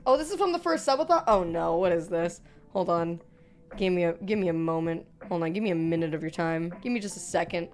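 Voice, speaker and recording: A young woman streamer chatting casually with her viewers, animated, playful and swearing, her voice a bit worn. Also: on the low side, brisk, faint music behind. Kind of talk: casual live-stream chat.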